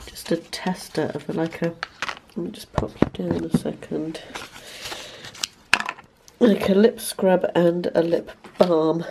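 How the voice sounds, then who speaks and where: Woman, 50s, vlogger with a cold; hoarse, gravelly, rambling home chat into a camera mic. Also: on the low side, noisy background. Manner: chatty, self-deprecating, rambling. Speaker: lifestyle vlogger. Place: bedroom at home.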